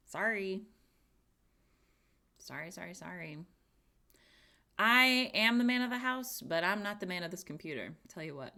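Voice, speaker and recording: This young woman streamer's low voice sounds pushed and bright. She chats casually, giggling and talking to herself while she reads things out.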